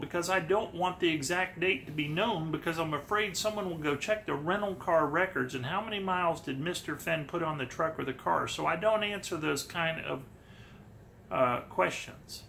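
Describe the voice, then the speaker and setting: A breathless old man who rambles around every question, his voice bright and a little raised in pitch. A man puts him on, mocking him in a video commentary. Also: gravelly, a little hiss or hum. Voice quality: breathless, winded delivery. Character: winded old man, halting and evasive.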